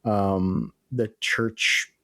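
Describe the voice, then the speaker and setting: A man's voice: lowish voice, lively intonation, drawn-out words, gravelly, bright, forceful tone, no room sound, studio quality. A young adult man co-hosting a podcast, giving film opinions in an easygoing way with hesitant fillers. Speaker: podcast co-host. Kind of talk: casual film review chat.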